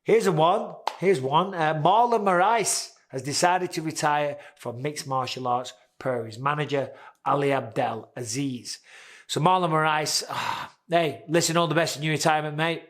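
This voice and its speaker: A man's voice: on the high side, normal speed. A man in his forties hosting a casual, candid sports commentary, chatty and swearing now and then. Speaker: host.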